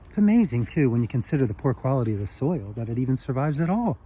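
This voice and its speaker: A man voicing a gentle, cheerful little old Japanese man who chats kindly and warmly. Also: medium pitch, sing-song, fast talker, slightly rough. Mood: warm chatty. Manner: kind, chatty, lifting.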